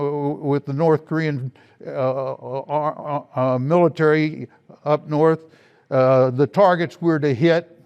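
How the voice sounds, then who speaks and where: An older man with a slightly high, smooth and resonant voice. He recalls his past in an oral history interview. His storytelling is slow and reflective. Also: darkish tone, highs cut off. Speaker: interviewee, veteran.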